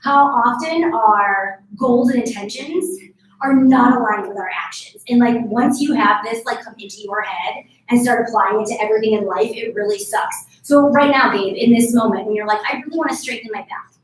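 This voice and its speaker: A woman's voice: on the high side, normal speed. A woman in her thirties leading a live barre workout class, chatty and encouraging, laughing often. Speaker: fitness instructor. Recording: echoey room, far from mic.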